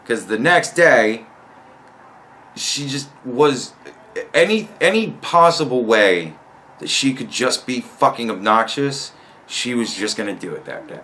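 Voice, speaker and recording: A man's voice: medium pitch, expressive, unhurried, bright, forceful tone, a little hiss or hum. Young guy ranting about work, swears a lot, fed up and rambling. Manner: profane, exasperated, rambling. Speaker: storyteller. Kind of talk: casual storytelling rant.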